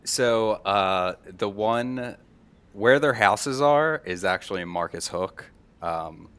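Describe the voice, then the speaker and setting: Man w/ philly area accent, real low voice, rambly chat, lots of ums and laughs. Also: slow pace, a bit bright, clear, resonant tone. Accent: Philadelphia area. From Delaware County, Pennsylvania. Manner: rambling, laughs often, many fillers. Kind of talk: casual chat.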